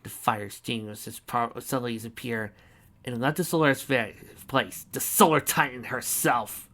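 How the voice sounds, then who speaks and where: A young adult man reading fan fiction aloud in an energetic, playful way, with casual asides. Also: mid-range voice, normal speed.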